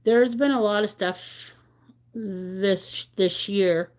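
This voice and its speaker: A woman with a medium-pitched, slightly dark voice speaks slowly as she hosts a crochet livestream. She chats candidly with viewers, rambling a bit while reflecting and reading their comments aloud.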